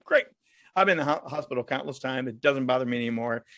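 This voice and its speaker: A man's voice: medium pitch, fast, fairly bright tone, dry recording, clean studio sound. A man guest on a podcast, telling stories in a joking, laughing way. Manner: jokey, laughs often, acts out other people in stories. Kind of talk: casual storytelling interview.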